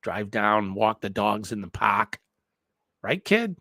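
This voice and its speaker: A man's voice: on the low side, big pitch swings, slow pace, pushed and bright, dry recording, studio quality, full character voice. A man putting on a brash, chummy Boston local with a Boston accent, calling the listener "kid". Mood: joking. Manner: teasing, calls listener "kid".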